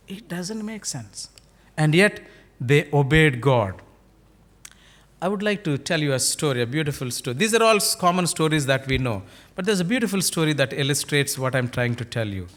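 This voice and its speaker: A male pastor with an Indian English accent delivers a sermon, his voice sitting a touch high for a man. He tells stories by acting out the dialogue and keeps turning to the congregation with rhetorical questions. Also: animated, normal speed, a bit bright.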